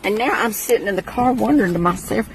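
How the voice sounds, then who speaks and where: A man with a Southern US accent chatting to camera in an animated, exclaiming storytelling way. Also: sits high, fast, slight background noise. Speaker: social media personality. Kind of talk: casual monologue to phone camera.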